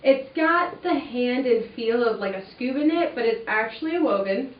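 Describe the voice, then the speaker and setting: Young woman, higher voice, chatty fabric demo, distant camera mic, echoey room, slightly dull sound. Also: lively intonation, normal speed. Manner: chatty, enthusiastic, many "like"s and "um"s. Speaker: fabric webinar host. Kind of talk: casual product walkthrough.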